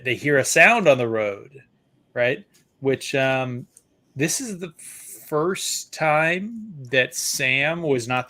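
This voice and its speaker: Laughing, animated man hosting a book club. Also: medium pitch. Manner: animated, laughs often, reads passages aloud. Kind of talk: casual chat.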